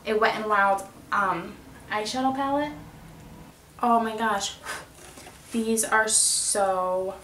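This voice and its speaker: A woman's voice: medium pitch, steady tone, slow pace, pauses often, a bit bright. A woman beauty vlogger unboxing a gift, gushing with breathless exclamations. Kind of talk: excited unboxing vlog. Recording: roomy, distant mic with background noise.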